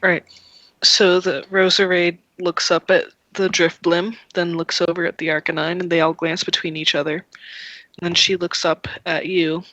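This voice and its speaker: A woman narrating a tabletop role-playing game as game master in a measured, descriptive way. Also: fairly low pitch, little pitch movement, pushed and bright, no echo, lo-fi sound.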